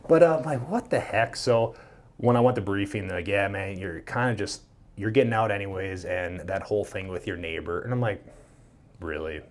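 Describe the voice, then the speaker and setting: Animated storytelling man, low voice. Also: brisk. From Minnesota. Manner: animated, swears freely, acts out quoted dialogue. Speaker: podcast guest. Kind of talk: casual storytelling.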